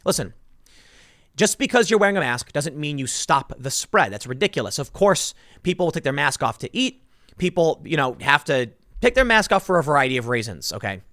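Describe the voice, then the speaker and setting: Emphatic man with a lively voice. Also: a little high, brisk, no room sound. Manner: emphatic, sarcastic, animated storytelling. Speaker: political commentator. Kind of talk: opinionated commentary vlog. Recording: dry close-mic sound.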